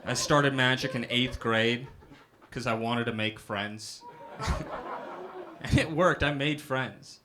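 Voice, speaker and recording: A man's voice: medium pitch, slow pace, long pauses, a crowd in the background, background noise. A young man doing a self-deprecating stand-up set, often asking "right?" after his punchlines. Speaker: stand-up comedian. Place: comedy club stage with a live audience.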